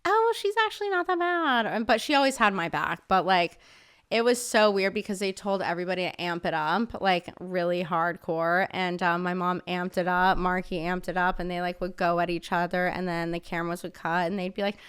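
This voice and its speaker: A woman's voice: on the low side, steady tone, a little fast, a bit bright, smooth. A woman guest on a podcast telling a story in a casual, chatty way, filling her talk with "like" and swearing freely. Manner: chatty, filler-heavy with frequent "like", swears freely.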